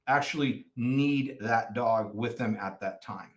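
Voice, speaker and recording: A man as a podcast guest, telling stories in a rambling, animated way during a casual chat. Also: medium pitch, normal speed, hardly any pauses. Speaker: podcast guest, nonprofit founder.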